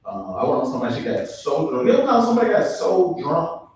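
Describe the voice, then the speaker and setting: A man's voice: fairly high pitch, fast. Young guy doing standup, chatty and loose, lots of ums, heard from far off in a super echoey room. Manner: relaxed, chatty delivery with frequent ums and asides to the crowd. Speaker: stand-up comedian. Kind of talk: stand-up comedy set. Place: live comedy show in a venue. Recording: distant, very echoey room mic with faint noise.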